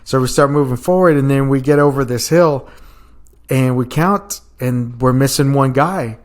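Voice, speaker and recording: Young adult man, casual storyteller, animated, breaks into laughter, mid-pitched. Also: normal speed. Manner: animated storyteller, laughs often, acts out quotes loudly. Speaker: podcast guest.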